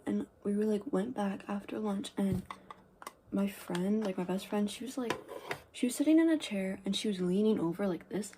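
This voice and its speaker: A teenage girl rambling through a casual get-ready-with-me story, full of "like" and "um", with quiet asides. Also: mid-range voice, breathy edge. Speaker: vlogger.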